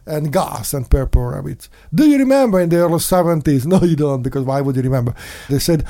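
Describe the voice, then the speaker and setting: Man, host, casual commentary monologue, sarcastic, mocking put-on voices, sudden shouts, high-ish lively pitch. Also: fairly quick. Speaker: podcast host.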